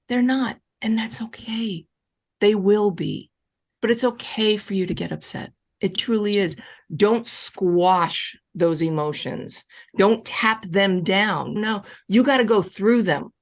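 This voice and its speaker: In a live online advice session, an animated woman answers audience questions as a relationship coach. Wide pitch swings mark every point she stresses, and her emphatic, reassuring delivery keeps returning to the same key phrases.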